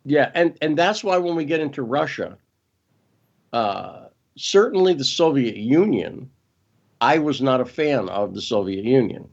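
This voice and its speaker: A man speaking as a guest, pressing his points quickly and stopping to correct himself mid-thought. His voice sits at an ordinary pitch. The sound is muffled and lo-fi, like call audio. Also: sing-song, gravelly. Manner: emphatic, quick, often restarts and corrects himself. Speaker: interview guest. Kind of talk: casual interview talk.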